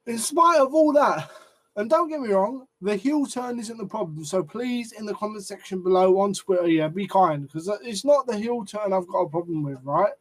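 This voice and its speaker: A man's voice: sits high, lively intonation, normal speed. A man giving a ranting, sweary opinion on wrestling, getting flustered and repeating himself as he goes. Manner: flustered, sweary, repeats words when annoyed. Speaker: wrestling commentary channel host.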